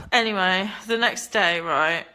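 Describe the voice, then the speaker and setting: Blunt bright-voiced woman. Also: on the low side, slow pace. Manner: blunt, candid, swears freely. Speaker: livestreamer reading chat. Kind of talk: casual confessional storytelling.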